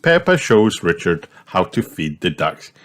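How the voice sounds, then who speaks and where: Slow, expressive male storybook reader. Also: deep voice. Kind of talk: children's book read aloud. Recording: steady background hiss.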